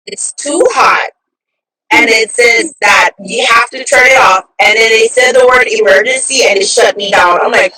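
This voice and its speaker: A woman hosting a podcast in a casual live-stream chat on her cell phone, excitable and chatty, laughing often. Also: a little high, unhurried, long pauses, low-quality recording. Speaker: podcast host.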